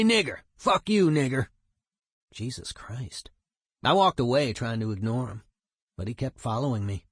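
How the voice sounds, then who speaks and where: A man's voice: on the low side, dry recording, clean studio sound, close to an everyday voice. A man voicing a streetwise male punk musician, telling a story in a profane, emphatic way.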